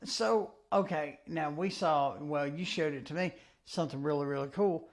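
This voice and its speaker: A man co-hosting a podcast in casual chat, joking around and throwing in quick asides. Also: a little high. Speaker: podcast co-host.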